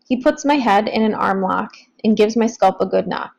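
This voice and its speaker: A woman reading a novel aloud in first person, in plain, steady storytelling. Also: mid-range voice, fairly quick, vocal fry, hardly any pauses, rough recording. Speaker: audiobook narrator.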